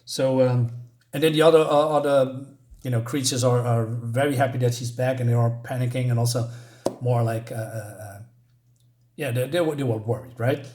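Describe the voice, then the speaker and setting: A man's voice: medium pitch, fairly even intonation, normal speed, a little mellow. A man casually reviewing a comic book, reading panels aloud and rambling with many fillers and chuckles.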